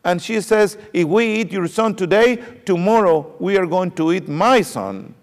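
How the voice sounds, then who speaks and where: A man's voice: sits high, expressive, normal speed. A man preaching voices a starving mother crying out to a king for help. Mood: distraught. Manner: pleading, crying out. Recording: long hall reverb.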